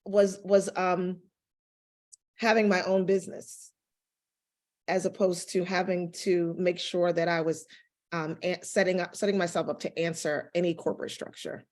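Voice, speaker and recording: A woman on a panel who runs a crisis communications business, speaking haltingly with frequent restarts as she tells personal stories. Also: fairly low pitch, flat delivery, darkish tone. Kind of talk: panel discussion.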